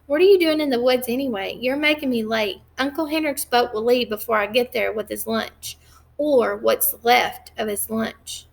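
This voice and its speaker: A woman reading aloud voices a brave young girl who chatters quickly and answers back defiantly. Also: on the high side, vocal fry.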